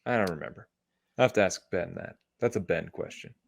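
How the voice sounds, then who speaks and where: Deadpan low-voiced co-host. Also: male voice, gravelly, no echo. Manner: deadpan quips, quick asides. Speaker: podcast co-host. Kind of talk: casual banter.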